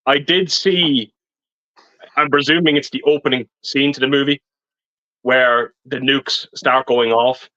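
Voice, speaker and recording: A man's voice: medium pitch, fairly even intonation, unhurried, sharp tone, dry recording. Rambling man, muffled stream audio. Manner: earnest, rambling, restarts sentences. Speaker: regular panelist on a movie livestream. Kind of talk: casual chat on a live stream.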